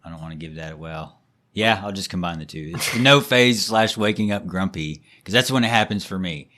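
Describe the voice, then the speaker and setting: A man's voice: deep voice, a little fast, sharp tone, slight background noise. A man co-hosting a casual podcast chat, laid-back, acting out his toddler's replies as he tells stories. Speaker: podcast co-host.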